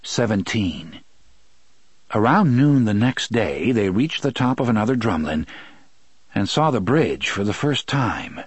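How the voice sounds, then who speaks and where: A man reading a novel aloud in steady, measured storytelling narration. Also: on the low side, breathy edge, no room sound. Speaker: audiobook narrator. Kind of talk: scripted narration.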